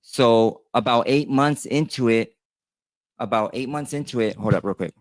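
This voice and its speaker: A man's voice: medium pitch, normal speed, dry recording. A man in his thirties, a tattoo artist, telling a personal story in a casual, rambling monologue, full of fillers and restarts, talking straight to his viewers. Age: 30s.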